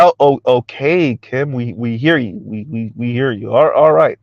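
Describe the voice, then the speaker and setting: A man's voice: mid-range voice, moderate pace, no room sound. A man giving a mocking reaction commentary, stammering and repeating himself as he jeers. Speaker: commentary vlogger.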